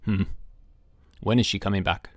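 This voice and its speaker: A man voicing an irritable, tired middle-aged father in a storybook reading, curt and quick to scold. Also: sits low, steady tone, no room sound, clean studio sound. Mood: weary. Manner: curt, testy.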